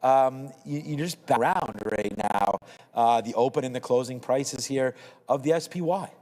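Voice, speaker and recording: A man's voice: medium pitch, normal speed, a little mellow, in a large hall, low-quality recording. A man hosting a live trading show, talking through charts in a casual, rambling way with lots of fillers. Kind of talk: live market commentary chat.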